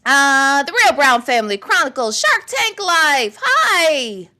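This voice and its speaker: A middle-aged woman hosts a chatty livestream, reading out viewer comments and greeting regulars by name. Her voice sits a little high and sounds bright and sharp. She talks at an unhurried pace with a playful manner. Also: very animated. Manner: chatty and playful, laughs freely. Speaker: livestream host. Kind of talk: casual livestream chat.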